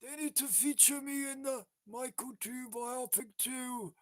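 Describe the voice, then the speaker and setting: A man's voice: very high voice, fairly even intonation, a little slow, no echo, clean studio sound. An older man hosting a livestream in casual chat, repeating words over and over in a chanting way. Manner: repetitive, chanting single words. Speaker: livestream host.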